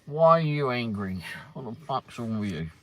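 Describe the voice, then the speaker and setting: A man's voice: medium pitch, lively intonation, moderate pace. A man hosting a casual live stream, chatting to viewers by name and swearing freely. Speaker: livestream host. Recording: noisy, with vehicle noise behind.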